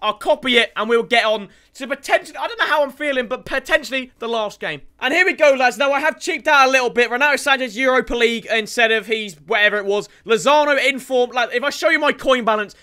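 High, bright, excitable lad. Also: male voice, fast talker, few pauses, clear, resonant tone. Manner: excitable, shouts at players, swears, self-mocking. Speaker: gaming YouTuber. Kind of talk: gameplay commentary.

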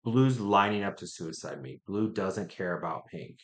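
A man streaming a strategy game, thinking out loud, muttering to himself and trash-talking opponents. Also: sits low, expressive, normal speed. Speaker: gaming streamer. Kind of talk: live gameplay commentary.

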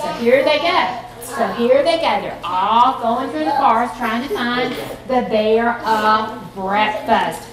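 A woman reading a picture book to children at a library, lively and coaxing as she leads chants. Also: on the high side, slow, a crowd in the background. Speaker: children's storytime reader. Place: library room. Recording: echoey library room, mic far off, children around.

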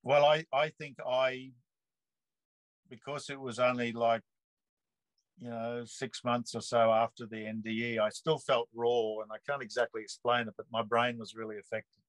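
A man in his sixties tells his story in a loose, rambling way, dropping earthy slang and restarting his sentences. His voice sits in a middle pitch. The sound is dry and close, as over a video call. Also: level tone, moderate pace, dry recording, rough recording. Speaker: interview guest. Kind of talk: casual storytelling.

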